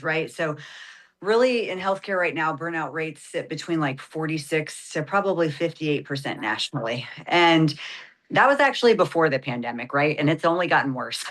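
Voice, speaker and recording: A woman's voice: sits low, fairly bright tone. A woman, an ER nurse guest, explaining in a radio interview and often adding "right?" and "like".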